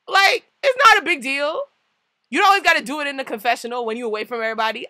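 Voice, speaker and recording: Young woman vlogger, tri-state area, slangy and animated, bright tense voice. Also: high-pitched, rapid-fire, no room sound, clean studio sound. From New York–New Jersey tri-state area. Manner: animated, slangy, laughs often, acts out quotes. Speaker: TV show reviewer. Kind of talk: casual vlog review.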